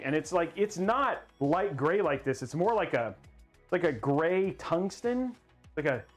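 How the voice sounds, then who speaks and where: A man hosting a casual livestream while building a PC, excitable and rambling as he hypes the viewers' goals. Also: a little high, moderate pace, soft background music.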